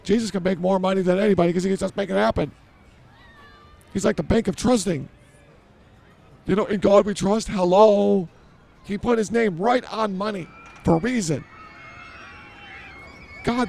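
A man's voice: high-pitched, moderate pace, gravelly, pauses often, darkish tone. A man hosting an improvised comedy podcast, blustering and ranting in a mock-authoritative way. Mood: lecturing. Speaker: podcast host.

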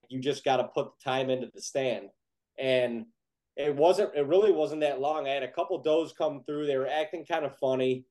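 A young man telling a casual, animated story on a podcast, peppering his talk with "like". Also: mid-range voice, low-quality recording. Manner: animated, heavy use of "like", excited retelling.

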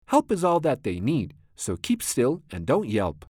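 A man's voice: medium pitch, wildly swooping pitch, a little slow, a little mellow, dry recording, studio quality. A man voicing a mischievous, boastful big male cat in a storybook, in a smug sing-song rhyme.

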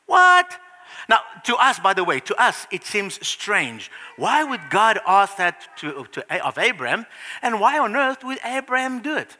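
A male preacher telling a Bible story in a sermon, animated, with frequent restarts and sudden hushed passages, in a reverberant church hall. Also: high voice, moderate pace.

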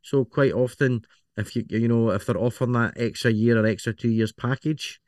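A man's voice: medium pitch, steady tone, moderate pace, a little mellow, dry recording, clean studio sound. A man co-hosting a podcast, easygoing and agreeable in casual chat. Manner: easygoing, agreeable, many short backchannels. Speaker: podcast co-host.

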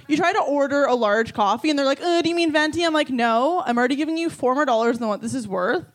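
A young woman works through a stand-up set on a small bar stage. She mocks herself with flat, deadpan lines and keeps breaking into small giggles. Her voice sits in an ordinary middle pitch. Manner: self-deprecating, deadpan punchlines with frequent giggles. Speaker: stand-up comedian.

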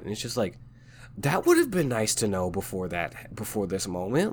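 A man's voice: lowish voice, sing-song, moderate pace, a little mellow, a little hiss or hum. A man with a stuffy, congested nose hosts a podcast and talks casually and loosely about writing, with plenty of slang. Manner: laid-back, slangy, fond of "like" and "man". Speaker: podcast host and novelist.

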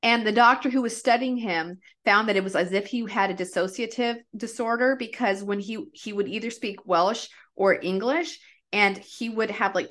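With a mid-range, fairly bright voice, a podcast host chats casually and rambles through cases. She's chatty, saying "like" often and restarting her sentences.

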